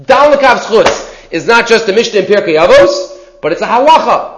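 Brief: high-pitched male Torah teacher, casual lecture, drops in Hebrew terms. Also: expressive, brisk. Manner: mixes in Hebrew terms, often asks "right?".

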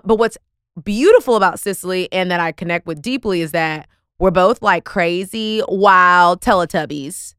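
A woman hosting a podcast in casual chat, excitable and playful, often cutting herself off mid-thought. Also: medium pitch, clean tone, no echo, clean studio sound. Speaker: podcast host.

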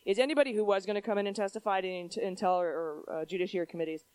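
A woman's voice: mid-range voice, fairly even intonation, rapid-fire, a little mellow, clear, resonant tone, dry recording. A woman co-hosting a live podcast, explaining things in a rambling way with lots of fillers. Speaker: podcast co-host. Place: theater stage before a live audience.

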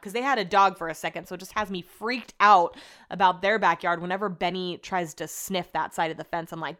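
A young woman hosting a podcast, telling home stories in a casual, chatty way, swearing freely and acting out quotes in a higher voice. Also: steady tone, brisk, fairly bright tone. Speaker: podcast host. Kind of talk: casual storytelling chat.

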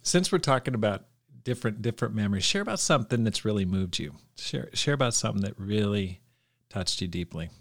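A man hosting a podcast interview, friendly and quick to react with short exclamations. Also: fairly low pitch, lively intonation. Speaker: podcast host.

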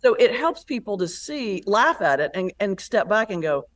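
A woman pastor and comedian, a guest in an interview, telling stories in a lively, animated way. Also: mid-range voice, moderate pace. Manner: animated storyteller, lively retelling with laughs. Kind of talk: conversational interview.

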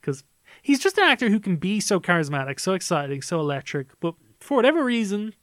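Eager higher-voiced male film critic. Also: big pitch swings, fast talker, a bit bright, no echo, studio quality. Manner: enthusiastic, analytical, many fillers like "like" and "um". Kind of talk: casual review discussion.

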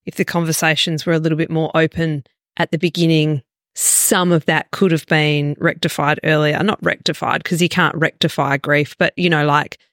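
Podcast host lady, thoughtful and gently probing, lowish voice, dry sound. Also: level tone, moderate pace, no echo. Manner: thoughtful, gently probing, with soft murmurs of assent. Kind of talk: reflective conversation.

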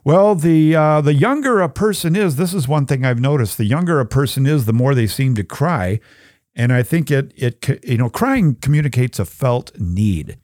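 A middle-aged man from Minnesota hosting a podcast, chatting casually about faith in a folksy, animated way. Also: medium pitch, moderate pace, no echo, clean studio sound. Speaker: podcast host. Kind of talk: casual Catholic teaching talk.

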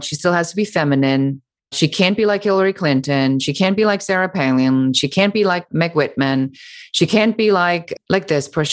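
A middle-aged woman, an author and business founder, answering interview questions in an animated, emphatic way with sarcastic mimicry. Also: on the low side.

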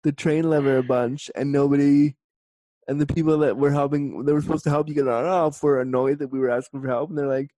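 A Canadian woman hosting a podcast, chatting in a lively, rambling way with quick tangents. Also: low voice, no room sound. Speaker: podcast host. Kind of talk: casual interview chat.

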